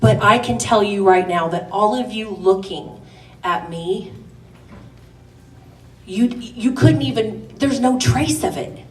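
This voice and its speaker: Pausing often and speaking slowly, a middle-aged woman with a medium-pitched voice preaches to a women's gathering. Her passion grows into emphatic declarations, and the sermon is recorded from afar in an echoing church hall.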